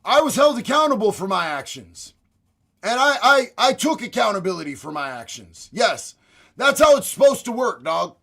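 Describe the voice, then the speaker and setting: A man streaming reaction commentary in a profane, gleeful, often shouted way. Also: sits high, very animated, moderate pace, vocal fry.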